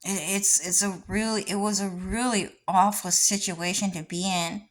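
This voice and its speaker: A woman's voice: mid-range voice, steady tone, normal speed. A woman vlogger talking in a casual, rambling monologue with many restarts and frequent swearing.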